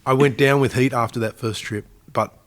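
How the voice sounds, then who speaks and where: A man's voice: medium pitch, steady tone, brisk. An Australian man in his forties, a guest on an interview podcast, telling stories in a chatty way and laughing often. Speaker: guest, army veteran. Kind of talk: casual storytelling interview.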